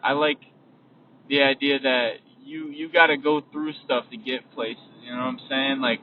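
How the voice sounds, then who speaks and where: A man's voice: medium pitch, fairly even intonation, moderate pace. Young man talking from a car. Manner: casual, repetitive, trails off and restarts. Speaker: podcast host. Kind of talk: motivational monologue while driving. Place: in a vehicle. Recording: distant, phone-like lo-fi recording with faint road noise.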